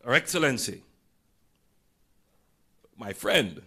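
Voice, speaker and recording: A hoarse Jamaican man addressing a signing ceremony as prime minister, greeting dignitaries with relaxed, wry asides. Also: medium pitch, slow pace. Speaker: prime minister giving a speech. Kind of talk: formal ceremony speech with acknowledgments.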